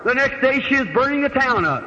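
Male preacher with a bright, forceful voice; folksy sermon storytelling; lo-fi old hall recording with long reverb. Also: very high voice, expressive, brisk. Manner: folksy, plain-spoken retelling with quoted dialogue. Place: large hall with a live congregation.

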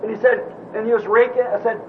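This minister talks fast in a steady tone, his voice strikingly high, as he preaches with fervor, moving from near-whispers to shouts. The audio is lo-fi and dull, with a light hiss underneath.

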